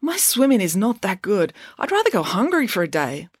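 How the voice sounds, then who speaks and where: A woman reading the part of a timid schoolkid who speaks in a hurried, anxious way. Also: mid-range voice, big pitch swings, dry recording, studio quality, pitched above the performer's own voice. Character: nervous, timid schoolkid, anxious about the water.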